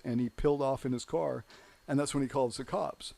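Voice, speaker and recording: A man's voice: mid-range voice, steady tone, brisk, creaky, mellow. A man hosting his own show, telling a story in a rambling, heated monologue full of "you know". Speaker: show host.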